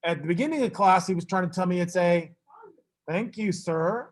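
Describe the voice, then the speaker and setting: A man teaching a math class, brisk and teasing, fussing at students and then reassuring them. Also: high voice.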